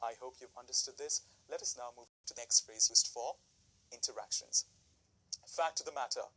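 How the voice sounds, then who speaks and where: A man giving a recorded English lesson, his voice very bright and forward with a husky edge. He talks the viewer through each phrase with example sentences and asks them questions. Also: medium pitch, moderate pace, low-quality recording. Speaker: English teacher.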